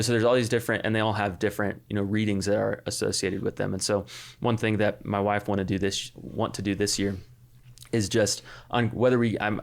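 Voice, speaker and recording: A man's voice: fairly low pitch, creaky. A man in his thirties co-hosting a podcast, talking casually with lots of fillers and restarts. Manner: rambling, many fillers and restarts. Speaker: podcast co-host. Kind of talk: casual chat.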